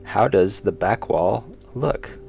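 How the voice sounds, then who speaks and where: Low gravelly man muttering while he draws. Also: expressive, slow, darkish tone, soft background music. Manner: muttering to himself, self-deprecating asides. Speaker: indie game developer streaming. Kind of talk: casual livestream commentary while drawing.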